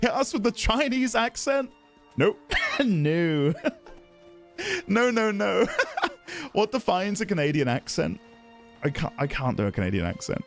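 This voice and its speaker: A man's voice: high voice, sing-song, unhurried, gravelly, pauses often, a bit bright, soft background music. A man chatting casually on a live stream while playing a game, giggly and self-deprecating.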